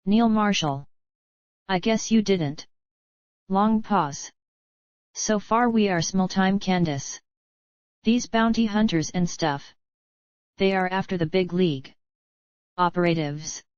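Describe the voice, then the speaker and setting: A woman reading a screenplay aloud in a flat manner, naming each speaker before the line. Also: mid-range voice, slow, pauses often, no room sound, dull audio.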